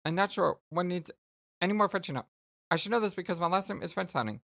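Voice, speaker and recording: A let's play host voicing a bubbly, chatty teenage girl who rambles excitedly, reading game dialogue aloud. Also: medium pitch, fast, vocal fry. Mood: giddy.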